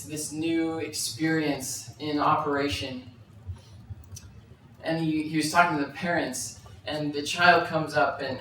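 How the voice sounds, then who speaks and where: A man's voice: a little high, a bit bright, a little hiss or hum. A man giving a live conference presentation, telling a story with many fillers and restarts. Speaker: conference speaker. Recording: very echoey hall, mic at a distance.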